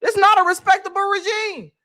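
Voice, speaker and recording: A woman's voice: very high voice, steady tone, a little fast, bright, forceful tone, dry recording, clean studio sound. A woman co-hosting a live-stream chat, brash and profane, thanking viewers for their gifts.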